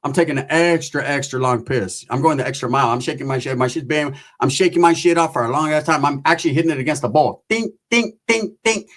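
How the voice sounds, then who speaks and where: A man's voice: medium pitch, quick pace, few pauses. A man casually telling a crude comic story from his own life in street slang.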